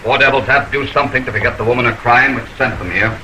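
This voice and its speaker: An actor in an early sound film playing a weary legionnaire who speaks gravely and in a measured way. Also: male voice, medium pitch, fairly even intonation, pushed and bright, slight background noise, natural voice, poor audio.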